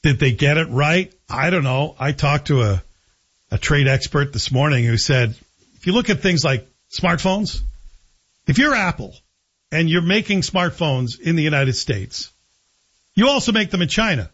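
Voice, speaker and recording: A man hosting a radio talk show, giving animated, sarcastic opinion commentary. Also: on the high side, normal speed, slightly rough. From Canada. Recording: dull lo-fi broadcast audio.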